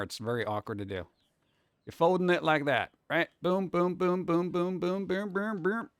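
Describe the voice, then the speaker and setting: Higher-voiced man rambling on a stream. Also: fairly bright tone, no room sound, studio quality. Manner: rambling, talks to chat while doing tasks; hands-on, step-by-step instructions. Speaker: livestreaming artist. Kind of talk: casual livestream chat.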